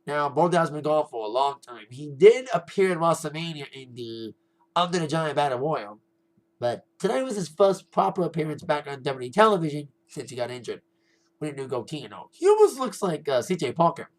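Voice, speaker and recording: A chatty young man rambles through a casual spoken review with a slightly high voice. He repeats himself often, laughs now and then, and keeps a loose, offhand flow. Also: sing-song, a little fast, poor audio. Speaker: wrestling show reviewer.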